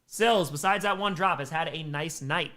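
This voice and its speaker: A man's voice: on the high side, normal speed, sharp tone. A man hosting a live stream, calling football plays in a running broadcast cadence and reading out viewer messages between downs. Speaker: live stream host doing play-by-play. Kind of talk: casual play-by-play commentary with chat reading.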